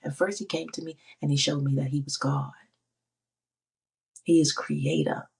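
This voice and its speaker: Casting: middle-aged woman, low husky voice, emphatic testimony speaker who repeats phrases for weight. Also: steady tone, normal speed, darkish tone. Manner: emphatic, repeats phrases, quotes God in her own voice. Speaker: faith speaker. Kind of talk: personal testimony.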